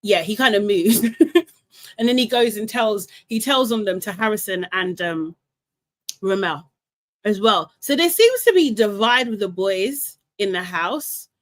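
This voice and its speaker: A young woman hosts a casual live recap stream, chatty and animated, laughing often and reading out comments from the chat. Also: mid-range voice, unhurried. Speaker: live show host.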